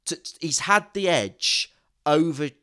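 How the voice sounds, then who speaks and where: A man co-hosting a podcast in casual chat, emphatic and self-mocking. His voice rises and falls a lot as he talks, and it sits a little high for a man. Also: lively intonation, takes it slowly, bright, forceful tone. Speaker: podcast co-host.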